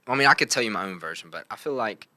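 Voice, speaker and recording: A young man hosting a casual podcast, low-voiced but very bright and sharp in tone. His pitch swings a lot as he spins a playful story, and the sound is dry and close. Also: animated, racing, dry recording. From from Logan. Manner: playful storyteller, full of "right?" tags. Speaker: podcast host. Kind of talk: casual chat.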